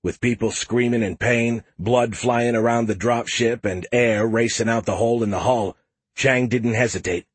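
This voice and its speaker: A man narrating a science fiction audiobook in the first person at a steady, measured pace. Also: mid-range voice, husky, dry recording.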